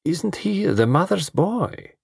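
A man's voice: medium pitch, big pitch swings, unhurried, slightly rough, dry recording, studio quality, pitched above the performer's own voice, full character voice. A man voicing a languid, bored young woman with a lazy, teasing drawl. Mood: mocking.

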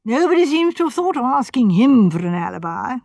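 Woman narrator, measured audiobook reading, higher voice, dry close sound. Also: sing-song, a little mellow, no echo. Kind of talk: scripted narration.

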